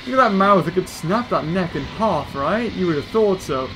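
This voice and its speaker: A man giving excitable let's-play commentary as a gaming video host, exclaiming at the action on screen. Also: high voice, moderate pace, soft background music.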